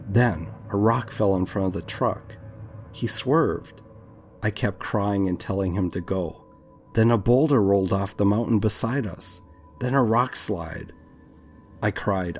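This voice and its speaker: A man's voice: fairly low pitch, measured pace, darkish tone, faint music behind. A man reading a true scary story aloud in a dramatic, tense scripted narration.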